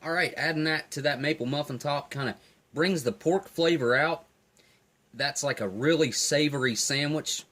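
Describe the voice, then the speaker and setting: A man giving a relaxed, enthusiastic tasting review of field rations, talking while he eats. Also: medium pitch. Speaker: food reviewer. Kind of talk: casual food review.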